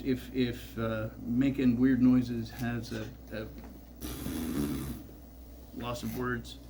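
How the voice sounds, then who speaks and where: A man's voice: lowish voice, gravelly, noisy background. A man in his sixties telling a rambling, profane personal story on a festival stage, full of filler words. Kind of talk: live storytelling.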